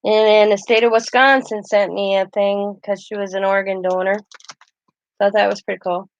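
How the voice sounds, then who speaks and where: Presenting keepsakes on her casual craft channel, a woman speaks in a level, mid-range voice at a moderate pace, laughing through chatty, meandering stories. The show-and-tell vlog's sound is dull.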